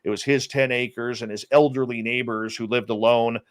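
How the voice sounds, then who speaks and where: A man's voice: mid-range voice, normal speed. Man telling a story in casual chat. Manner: animated storyteller with many restarts. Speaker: interview guest, radio host.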